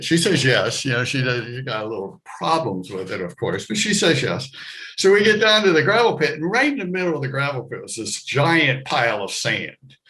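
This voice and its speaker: A middle-aged American man telling a personal story to a live audience, animated, jumping into loud high voices for the people in it. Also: rough recording. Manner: animated, acts out his younger self and others with loud high shouts.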